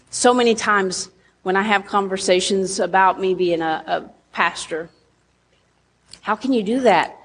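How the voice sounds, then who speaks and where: A woman's voice: a little high, slight background noise. A woman pastor, preaching a sermon in a conversational way and teasing her congregation with asides.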